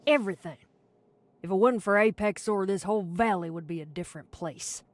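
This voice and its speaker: A woman's voice: mid-range voice, fairly quick, lightly acted. A woman voicing a bitter, foul-mouthed local woman in a narrative game, blunt and scornful. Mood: grim. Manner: blunt and scornful, swears freely. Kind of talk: game character dialogue.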